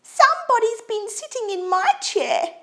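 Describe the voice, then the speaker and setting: A woman voicing a small boy bear cub in a storybook, with a high, squeaky voice. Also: big pitch swings, a little slow, a bit bright, full character voice. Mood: upset.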